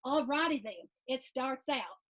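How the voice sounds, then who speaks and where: A woman's voice: high-pitched, lively intonation, a little slow, fairly bright tone. A woman hosting a children's storytime, reading a picture book aloud with lots of questions and sound effects. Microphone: video stream.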